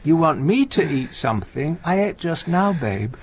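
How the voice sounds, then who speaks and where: An actor playing a gentle, anxious older comedian in a radio play, talking in halting, stammering restarts. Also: male voice, on the high side, very animated, slight background noise. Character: aging male comedian, gentle, anxious, talkative. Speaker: visiting friend and comedy partner.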